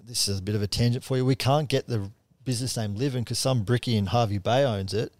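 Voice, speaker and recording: A man speaking as a podcast guest, earnest and plain-spoken, with casual swearing. His voice sits in an ordinary middle pitch and is recorded dry and close. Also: fast talker, darkish tone, no echo. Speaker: podcast guest, charity co-founder. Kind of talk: casual chat.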